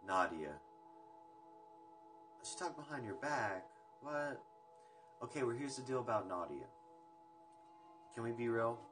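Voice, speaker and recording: A man's voice: mid-range voice, expressive, unhurried, pauses often, a bit bright. A young man hosting a casual livestream, chatting loosely with viewers and rambling between topics with the odd swear word. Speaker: livestream host. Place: indoors at home. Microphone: phone livestream. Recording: music playing in the background.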